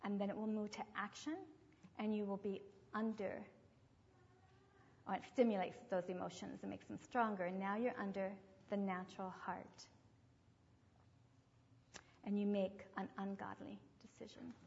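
A woman's voice: mid-range voice, moderate pace, vocal fry, pauses often. A woman giving a sermon, teaching through stories and acting out the voices of people she quotes. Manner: animated storyteller who acts out quoted voices. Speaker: religious speaker. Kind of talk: sermon with storytelling. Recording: dull lo-fi recording in a reverberant hall.

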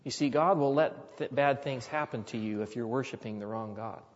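A man's voice: medium pitch, moderate pace. A man preaching a sermon as a pastor, earnest and building to emphatic repetition. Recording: long hall reverb, dull lo-fi sound.

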